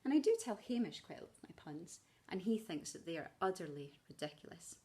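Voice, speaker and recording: Playful Scottish woman teacher, low voice. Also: lively intonation, fairly quick, a little mellow. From Scotland. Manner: playful, chatty, fond of puns. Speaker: primary school teacher. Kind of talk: welcome video to pupils. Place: outdoors on a walk.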